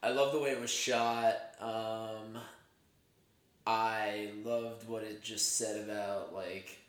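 A young adult co-hosting a podcast, talking loosely about films with many pauses and fillers. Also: mid-range voice, flat delivery, echoey room. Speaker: podcast co-host. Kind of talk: casual chat about films.

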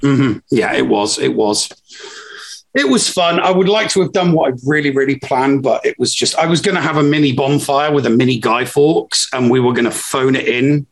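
Gravelly English man, dry and blunt. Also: medium pitch, normal speed. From England. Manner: dry, blunt opinions with many fillers. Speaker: podcast co-host. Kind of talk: casual chat.

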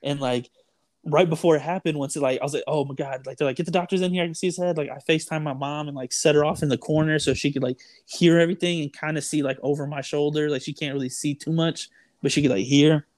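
A man's voice: a little high, fairly even intonation, fast talker, a little mellow, no room sound. A young man telling a story in casual chat, rambling with lots of "like", "dude" and "bro". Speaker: storyteller guest.

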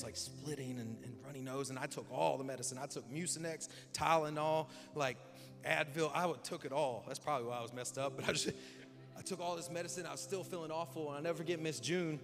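A young man preaching a sermon as pastor, swinging from hushed, slow lines to loud, emphatic ones, with casual asides. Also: mid-range voice, steady tone. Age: young adult. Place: large church hall. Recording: reverberant hall with music behind. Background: background music.

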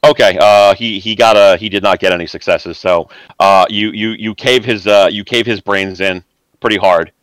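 Guy game-mastering a tabletop game, low voice, kinda halting, dry close sound. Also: fairly even intonation, a bit bright, clear, resonant tone, no room sound, low-quality recording. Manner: casual, halting, many restarts. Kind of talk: narrating a tabletop role-playing game.

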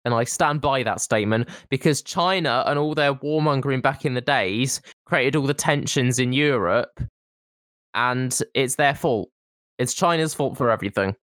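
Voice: mid-range voice, moderate pace, a bit bright, no room sound, clean studio sound. A podcast co-host in casual comedic chat, teasing a friend, mocking, and laughing often.

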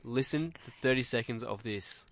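A man's voice: mid-range voice, normal speed, fairly bright tone, no room sound. A man co-hosting a podcast in a studio, chatting casually and teasing his partner playfully. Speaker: podcast co-host. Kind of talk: casual chat.

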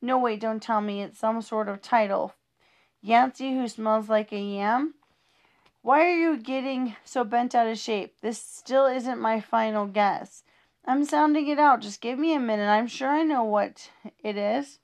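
Lady reading silly kids poems, sing-songy, kinda high voice. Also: measured pace. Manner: playful, sing-song rhythm with small stumbles. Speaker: reader of children's poems. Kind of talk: reading humorous rhyming poems aloud.

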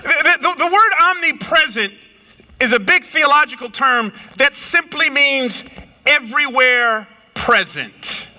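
A middle-aged man preaching a sermon, swinging his pitch up and down and slowing or raising his voice for emphasis. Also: lively intonation, bright, forceful tone. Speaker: pastor. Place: lives in a big city apartment.

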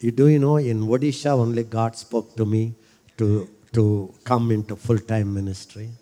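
A middle-aged man preaching a sermon. He repeats his phrases and builds from quiet talk to shouting. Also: lowish voice, steady tone, normal speed, long reverb tail.

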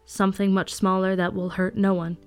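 A woman's voice: medium pitch, little pitch movement, fairly quick, clear, resonant tone, faint music behind, natural voice. A woman reading aloud, voicing a young male traveling companion with an earnest, urgent manner. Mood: pleading calm. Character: young man, steady loyal travel companion.

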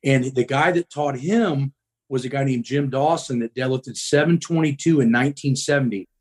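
A man's voice: mid-range voice, normal speed, a little mellow, husky. A middle-aged man from the Midwest, a guest telling his story in casual talk, blunt and profane, with frequent ums.

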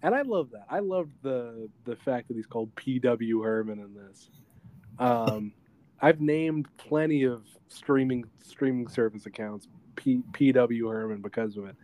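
A man co-hosting a podcast, casually retelling a film in animated fashion and slipping into quick voice impressions. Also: mid-range voice. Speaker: podcast co-host reviewing a film. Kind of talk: casual chat.

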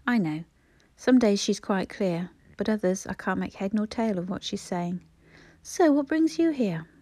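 A woman voicing a gentle, soft-spoken middle-aged son in a storybook reading. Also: mid-range voice, lively intonation, measured pace, dry recording. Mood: friendly.

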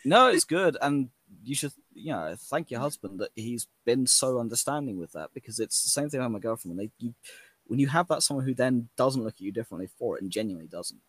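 A man in his thirties speaks in an earnest, heartfelt way during a casual conversation. His voice sits at a middle pitch and sounds dry, with no room echo. He gets louder and higher whenever he acts out his own words. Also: lively intonation, fast talker, slightly rough. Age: 30s. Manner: earnest, heartfelt, raises his voice when quoting himself. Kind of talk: casual chat.

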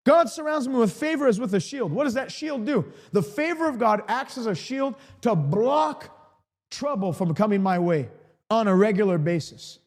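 A man's voice: sits high, lively intonation, normal speed, long reverb tail. A man preaching an emphatic live-streamed sermon, repeating key lines for emphasis.

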